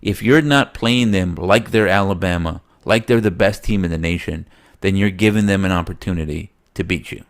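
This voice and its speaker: A man co-hosting a sports podcast in casual chat, slightly nasal, rambling and animated, laughing often. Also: sits low, moderate pace, hardly any pauses. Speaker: podcast co-host.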